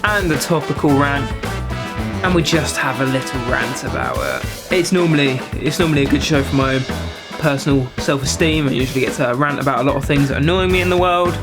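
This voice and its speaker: A young British man in a vlog, ranting to camera in an animated, exaggerated way with mock outrage. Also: medium pitch, fairly quick, over music. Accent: British English. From Britain. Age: young adult. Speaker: vlogger. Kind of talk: comedic rant to camera.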